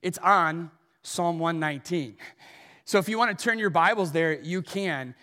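A man preaching a sermon as pastor, telling funny self-deprecating stories in an animated way. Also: sits high, normal speed, big-room sound. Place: church auditorium.

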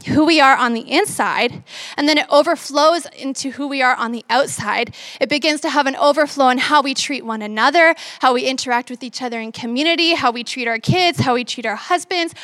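A young woman preacher in her twenties gives an upbeat, conversational sermon, acting out her own thoughts as she tells a story. Her voice sits high and a bit bright, with no echo.

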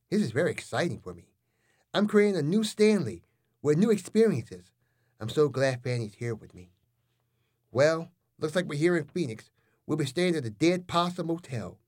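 A man hosting and narrating comic stories, delivering absurd lines in a deadpan, animated way. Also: fairly high pitch. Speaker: host and narrator. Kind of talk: comic storytelling.

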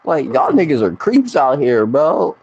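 A man co-hosting a casual podcast, joking and ranting in a profane, expressive way. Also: fairly high pitch, unhurried, muffled recording, a crowd in the background. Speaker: podcast co-host. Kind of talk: casual chat.

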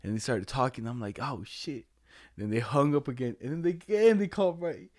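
A man's voice: medium pitch, fairly quick, a little mellow. A young man casually telling a rambling, slangy story to a friend, laughing along and quoting others in put-on voices.

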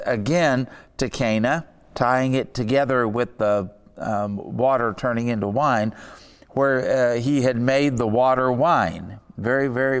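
A man preaching a sermon, unhurried and emphatic, pausing between phrases. His mid-pitched voice carries the long reverb of a large hall. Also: smooth. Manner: slow, deliberate, emphatic delivery with pauses.

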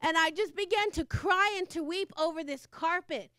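A woman's voice: very high voice, normal speed, fairly bright tone, no echo, studio quality. A woman preaching a fervent sermon, repeating phrases and laughing between lines.

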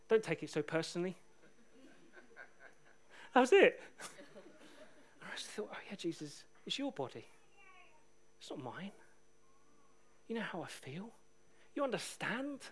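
Man, middle-aged, pastor giving a sermon; high voice, animated delivery that dips into near-whispers. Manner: animated, swings from shouting to hushed.

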